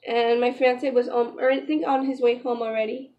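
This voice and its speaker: A woman's voice: fairly high pitch, flat delivery, moderate pace, dark tone, dull audio. A young pregnant woman chatting in a casual vlog, retelling a story emotionally with lots of "like" and "you know". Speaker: vlogger.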